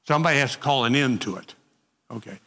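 A man leading a group Bible study, reading passages and talking them through in a halting, conversational way with frequent restarts. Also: medium pitch, expressive, vocal fry, bright, forceful tone, in a large hall.

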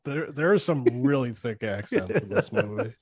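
A man as a podcast guest, talking in a rambling, halting way in casual chat. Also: medium pitch, big pitch swings, breathy edge, dry recording, clean studio sound. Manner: rambling, halting, laughs between thoughts.

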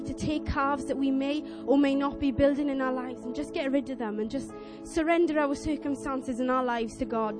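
A young woman preaching a sermon, telling a story in a chatty, earnest, animated way and acting out voices. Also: high voice. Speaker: lay preacher.

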